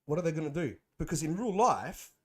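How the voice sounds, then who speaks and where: A young man, a guest on a podcast, telling animated stories in slangy casual chat. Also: fairly high pitch, brisk, husky. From Australia. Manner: animated storytelling, slangy, says bro and man.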